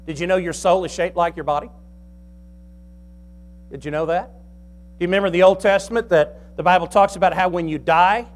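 A man preaching a sermon as pastor, folksy and joking, quizzing the congregation and slowing down to stress key lines. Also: sits high.

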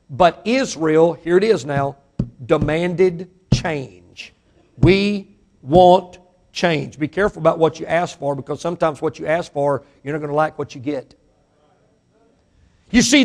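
A man preaching a sermon, emphatic and speaking straight to the congregation. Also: sits high. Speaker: pastor.

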